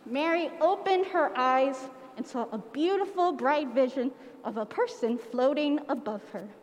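A woman leading an interactive children's Christmas pageant in a church, playful and animated, coaxing listeners to join in. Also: high voice, measured pace, long reverb tail. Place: church sanctuary.

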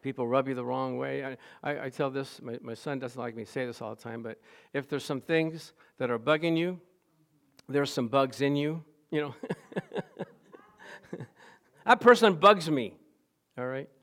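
A man's voice: mid-range voice, normal speed, long pauses, fairly bright tone. A male pastor giving a sermon with humorous, self-deprecating stories.

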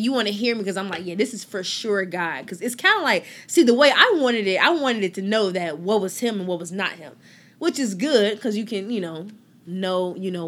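A woman hosting a faith podcast talks casually in a voice of middle pitch that swings widely up and down. She acts out quoted conversations, drops almost to a whisper and then rises to loud exclamations. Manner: animated storytelling, acting out quoted exchanges. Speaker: podcast host.

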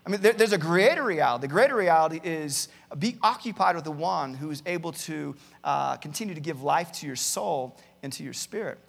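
A man's voice: fairly high pitch, lively intonation, fairly quick, creaky, few pauses, long reverb tail. A male pastor preaching a sermon, earnestly reading out many Bible verses and often repeating words as he starts a thought. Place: church campus, large hall.

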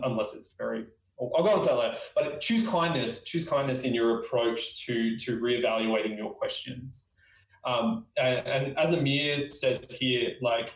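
Fast-talking Australian man in echoey room. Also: mid-range voice, far from the mic. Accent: Australian (Queensland). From Queensland, Australia. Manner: fast talker with many fillers and restarts. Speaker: user research instructor. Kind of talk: spoken lesson on interviewing.

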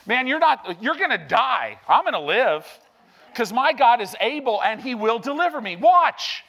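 A man's voice: very high-pitched, big pitch swings, moderate pace, pushed and bright, exaggerated voice. A man voicing a defiant, confident young Hebrew man who speaks in a bold, taunting way.

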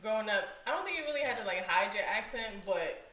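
Guest, female, from Trinidad, bright tone, echoey room. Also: mid-range voice, lively intonation, quick pace, a little hiss or hum. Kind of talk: casual chat.

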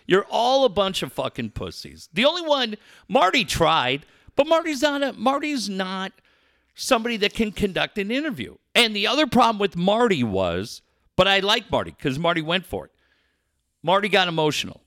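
A man's voice: high-pitched, sing-song, moderate pace, sharp tone, no echo, studio quality. A man hosting a talk show, ranting angrily and swearing constantly. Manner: angry, profane, ranting. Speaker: sports radio host.

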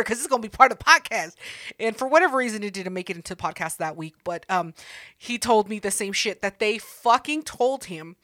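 A woman's voice: medium pitch, animated, fairly quick, fairly bright tone, no room sound, clean studio sound. A young woman co-hosting a podcast, teasing and swearing as she retells stories in casual chat. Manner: profane, teasing, acts out quotes. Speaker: podcast co-host.

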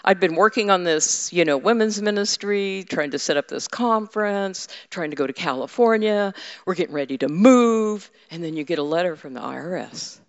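A woman's voice: lowish voice, expressive, moderate pace. A woman preaching a conversational sermon to her congregation, candid and humorous, teasing her listeners. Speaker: women's ministry leader and preacher. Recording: echoey hall, slightly dull sound.

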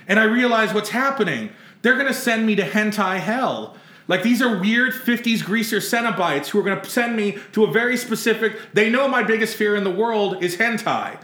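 A man's voice: high voice, expressive, normal speed, sharp tone, echoey room. A man telling a rambling, comic story in casual chat, laughing and swearing freely. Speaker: podcast co-host telling a story.

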